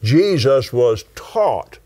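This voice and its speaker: An older man with a West Texas accent, preaching and teaching in a studio conversation, slow and emphatic, stretching key words and breaking into exclamations of praise. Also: medium pitch, sing-song, dark tone. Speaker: television preacher and host.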